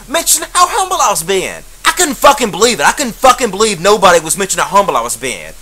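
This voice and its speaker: A man's voice: high voice, big pitch swings, fast talker, few pauses, sharp tone, low-quality recording. A man, telling a profane, sarcastic comic story as a rant monologue. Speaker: comedian.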